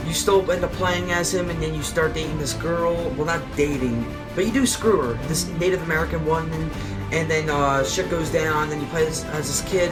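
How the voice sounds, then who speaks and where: A young man excitedly reviewing a movie in an informal, rambling way, swearing freely. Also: on the high side. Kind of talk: casual video review.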